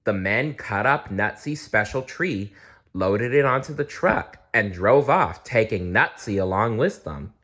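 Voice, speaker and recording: Slow, lilting man reading a storybook. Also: fairly low pitch, lively intonation. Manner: gentle, with small restarts.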